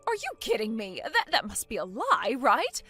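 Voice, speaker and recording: A woman voicing a bossy shouting mother-in-law. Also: on the high side, huge pitch swings, normal speed, breathy edge, exaggerated voice. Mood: alarmed. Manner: loud, indignant, demanding. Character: bossy angry middle-aged mother-in-law. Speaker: voice actor. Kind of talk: animated story voice acting. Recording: faint music underneath.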